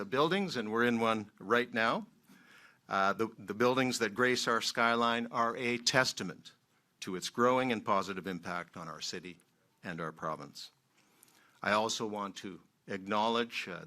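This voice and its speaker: A man from Manitoba, a member of Parliament, giving a formal ceremonial speech in a measured, emphatic way with many pauses. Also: lowish voice, pushed and bright. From Manitoba, Canada.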